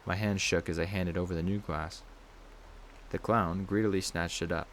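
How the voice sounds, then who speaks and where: A man with a very low, deep voice narrates a horror story in the first person, reading at a steady, measured pace. A faint hiss sits under the recording.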